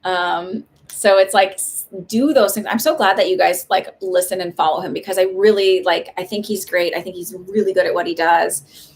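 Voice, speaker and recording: Chatty woman with a gravelly edge. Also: fairly low pitch, normal speed. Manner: chatty, reassuring, full of "like" and "um". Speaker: psychic reader on a live stream. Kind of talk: casual live-stream reading.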